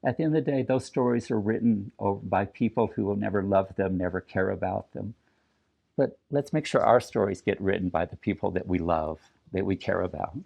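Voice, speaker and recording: An older man from New Mexico shares his family's story in a low, unhurried voice. He speaks with earnest reflection and often pauses or starts a thought over. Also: gravelly, darkish tone. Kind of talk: personal storytelling talk. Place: community event.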